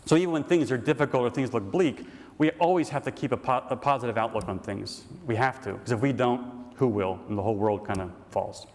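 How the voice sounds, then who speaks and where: A middle-aged man serving as an Orthodox priest talks to a conference crowd in a relaxed, storytelling manner. He sits at a mid pitch and fills pauses with ums and uhs. A long hall reverb trails behind his voice. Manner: folksy storyteller, many fillers. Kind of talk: conference talk and Q&A.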